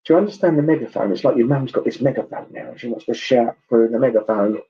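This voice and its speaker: A man giving a clairvoyant reading at a church service, chatty and halting, with many ums and asides. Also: mid-range voice, creaky, husky, lo-fi sound. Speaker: spiritualist medium.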